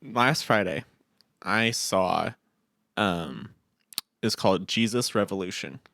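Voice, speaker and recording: A young man co-hosting a podcast, chatting casually in an animated, rambling way with frequent laughs. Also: low-pitched, slow, gravelly, no room sound, studio quality. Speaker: podcast co-host. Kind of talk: casual chat.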